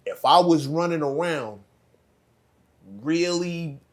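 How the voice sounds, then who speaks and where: A man's voice: a little high, fairly even intonation, slow. Thoughtful man asking a probing question. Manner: thoughtful, questioning, trailing off softly. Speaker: co-host. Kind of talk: podcast discussion.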